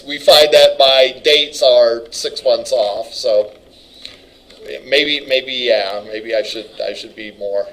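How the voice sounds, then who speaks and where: A middle-aged male instructor giving a classroom lecture in a loose, chatty way. His voice is bright and forward, and he often breaks off mid-sentence to start again. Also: mid-range voice, slow, low-quality recording. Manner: rambling, casual, self-interrupting. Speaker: college instructor.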